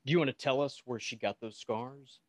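A man narrating as game master of a tabletop game, in a relaxed, conversational way. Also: mid-range voice, a little fast, dry recording.

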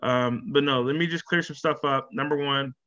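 A man talking casually to his viewers in an animated way, laughing often and repeating words as he goes. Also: mid-range voice, normal speed, muffled recording. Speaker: vlogger. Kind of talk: casual talk to camera.

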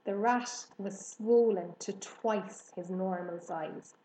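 A woman narrating a children's storybook in an even, measured way. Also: medium pitch, roomy sound, a little hiss or hum, low-quality recording. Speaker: audiobook narrator.

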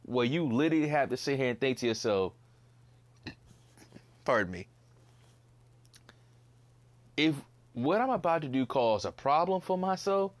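A young man hosting a casual solo podcast, ranting bluntly, swearing and repeating himself in disbelief. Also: mid-range voice. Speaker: podcast host.

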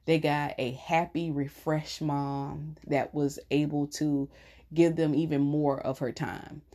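A woman's voice: deep voice, level tone, slow pace. A middle-aged woman chatting casually to viewers, telling stories with laughter. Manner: chatty, warm storytelling with laughs. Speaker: vlogger.

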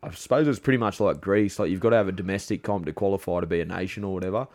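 A man's voice: low-pitched, very fast, darkish tone. An Australian man, a rugby league player, guest on a podcast, telling blunt, sweary stories with laughs in casual chat.

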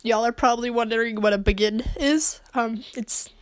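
A young woman from Utah rambles through a solo podcast episode in her bedroom. Her voice sits a little high, and her talk is awkward and meandering, full of self-deprecating asides. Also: steady tone, moderate pace. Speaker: podcast host.

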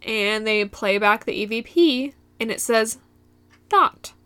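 A woman's voice: a little high, measured pace, a bit bright, clear, resonant tone, no room sound. A young woman from Michigan hosting a solo podcast, recapping a show in a giggly, rambling way that drifts into tangents. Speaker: podcast host.

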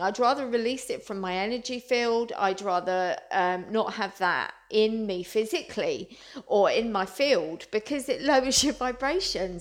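A woman talking earnestly and rambling to her viewers about spiritual healing, often repeating herself. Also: fairly high pitch. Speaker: spiritual vlogger. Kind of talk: casual spiritual talk to viewers.

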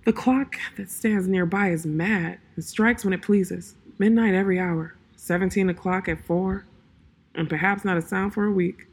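A woman voicing an earnest young woman who pleads urgently and a little louder, with a breathy voice. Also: medium pitch, fairly even intonation, normal speed. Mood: urgent, pleading.

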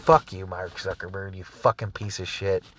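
A man's voice: low-pitched, fairly even intonation, normal speed, fairly bright tone, a little hiss or hum. A man hosting a music show, ranting angrily and swearing heavily between songs. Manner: angry, swearing, rambling. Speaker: show host.

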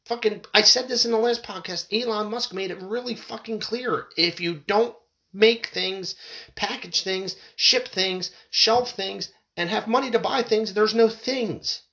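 A podcast host with a high, gravelly voice that sounds pushed and bright reads news articles aloud at a measured pace, then breaks into angry, profane rants. When worked up he stumbles and repeats words, and the recording is muffled.

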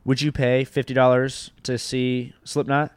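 A man hosting a podcast who teases his guest with crude, deadpan banter. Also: medium pitch, a little slow, clean tone, no room sound, clean studio sound. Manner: teasing, crude, deadpan ribbing. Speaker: podcast host. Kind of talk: casual banter.

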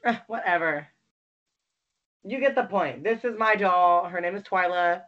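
A young adult on a webcam video call, ranting and swearing constantly, bursting into shouts and cry-like laughter. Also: mid-range voice, a little slow, highs cut off. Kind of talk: casual profane rant.

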